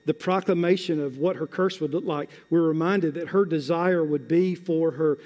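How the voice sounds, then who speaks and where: Impassioned preacher in a reverberant hall. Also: male voice, a little high, steady tone. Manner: building from slow and hushed to loud, rising exhortation; emphatic, drawn-out words and repetition. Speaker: pastor. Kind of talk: sermon.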